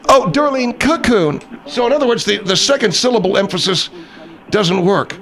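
Male radio host, high voice, hesitant and dry, comedy sketch. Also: a little fast, creaky, crowd noise.

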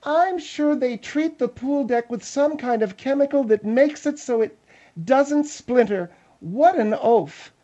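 A man's voice: very high voice, a little slow, dark tone, lo-fi sound, voice pushed up. A man voicing a snooty, condescending middle-aged woman on a comedic radio talk show, lecturing in a haughty tone. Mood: mocking.

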